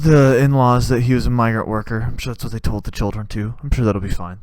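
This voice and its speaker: Young male comic host, sarcastic and rambling, with a smooth voice recorded dry. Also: medium pitch, fairly even intonation, fast talker, few pauses, a little mellow, no echo. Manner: rambling, sarcastic, laughing at his own jokes. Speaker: comedy video host. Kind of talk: comedic monologue.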